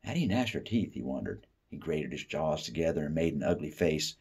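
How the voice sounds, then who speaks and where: A man from the Appalachian United States reads a short story aloud in a deep, husky voice. His reading is expressive, sinking soft and low whenever he voices the character's private thoughts. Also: a little fast. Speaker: reader.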